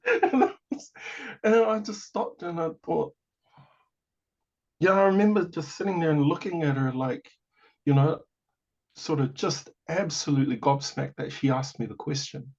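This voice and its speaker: A gravelly, husky New man in his forties tells his story as a podcast guest. He keeps it animated and sprinkles his talk with casual asides. The audio sounds a bit dull and lo-fi. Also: fairly high pitch, moderate pace. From New Zealand. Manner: animated, acts out quoted voices, many "you know" asides. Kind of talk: personal storytelling in a conversation.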